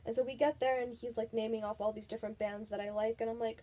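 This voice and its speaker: Chatty young woman vlogger, kinda high voice but mellow, lots of likes and ums. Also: fairly even intonation, quick pace. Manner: chatty, giggly, lots of filler words. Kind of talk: casual storytime.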